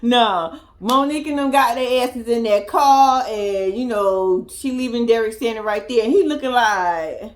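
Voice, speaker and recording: Speaking a little slowly and with few pauses, a young woman with a voice on the high side recaps a reality TV episode for her reaction vlog. She is an animated storyteller, casual and profane, and laughs throughout.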